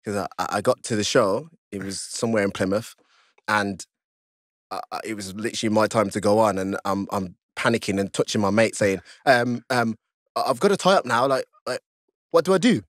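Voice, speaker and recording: A man guest on a podcast, telling a story in casual chat, laughing often and jumping high in pitch as he acts out his own panic. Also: a little fast, no echo, clean studio sound. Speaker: podcast guest, stripper and fighter.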